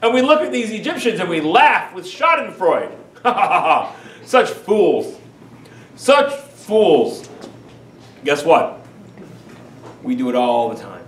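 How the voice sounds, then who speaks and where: Emphatic high-voiced rabbi lecturing. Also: male voice, measured pace, a little hiss or hum. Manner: animated, emphatic, rhetorical questions. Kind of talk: lecture on Jewish teachings. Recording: echoey room, far from mic.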